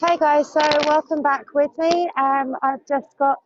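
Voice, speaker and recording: A woman's voice: high-pitched, fairly even intonation, measured pace, loud music behind the voice. A woman reporting live from a protest, chatty and upbeat as she brings in a guest. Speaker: reporter on the ground. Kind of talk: live-stream hosting. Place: outdoors at a protest. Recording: loud noisy lo-fi street audio.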